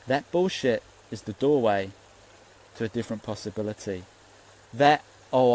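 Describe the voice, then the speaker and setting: A man's voice: mid-range voice, low-quality recording. A man, a spiritual teacher giving an earnest, rambling Facebook Live talk and swearing freely.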